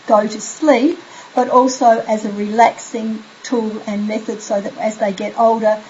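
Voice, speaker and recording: A middle-aged woman parenting coach giving bedtime tips in a gentle, soothing way. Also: fairly high pitch, muffled recording, a little hiss or hum. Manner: soothing, demonstrates soft bedtime phrases. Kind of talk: instructional talk to camera.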